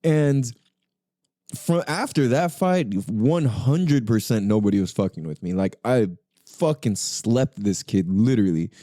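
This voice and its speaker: A man's voice: medium pitch, expressive, measured pace, warm tone, dry recording, studio quality. A young man hosting a podcast, telling a story in casual, profane slang full of fillers. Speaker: podcast host.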